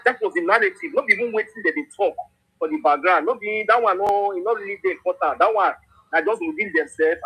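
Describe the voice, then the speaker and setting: Man, Nigerian Pidgin accent, political commentary, restless restarts, high voice, sweeping pitch. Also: husky, rough recording. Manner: animated, repetitive, frequent restarts. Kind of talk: impassioned monologue.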